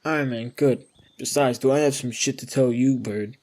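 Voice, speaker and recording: A man's voice: mid-range voice, fairly even intonation, moderate pace, a little mellow, lightly acted. A man voicing a young wandering swordsman in a cartoon, earnestly talking to his pet bird. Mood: wistful. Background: music.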